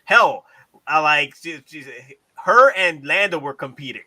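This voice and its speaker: Bright, animated male collector host. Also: on the high side, unhurried, low-quality recording. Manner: animated, swears casually, repeats himself. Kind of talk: casual collector chat.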